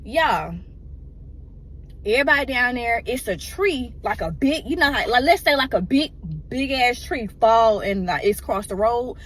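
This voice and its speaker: A woman's voice: on the high side, lively intonation, normal speed, fairly bright tone. A woman emotionally telling a personal story in a casual, rambling way and often addressing her listeners directly.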